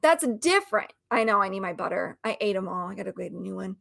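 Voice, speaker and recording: A woman co-hosting a casual chat, talking in an animated, ranting way and laughing often. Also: medium pitch, quick pace, vocal fry. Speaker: co-host.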